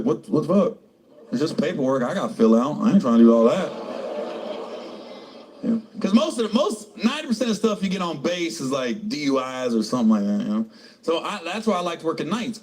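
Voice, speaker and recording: A man's voice: fairly high pitch, a little hiss or hum. A man telling profane stand-up stories about his time as a military cop, acting out the voices of the people in them. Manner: profane, animated, acts out voices and laughs at own jokes. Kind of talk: stand-up storytelling.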